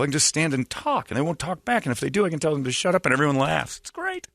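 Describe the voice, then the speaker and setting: A man hosting a podcast, telling stories in a sarcastic, animated casual chat. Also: on the high side, fast, few pauses, crowd noise, background noise. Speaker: podcast host.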